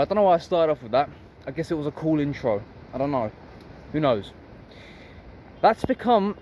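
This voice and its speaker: High-voiced man musing aloud. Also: a little mellow, a little hiss or hum. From Harlow, Essex, England. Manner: rambling, musing, swears freely. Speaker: vlogger. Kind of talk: casual philosophical monologue.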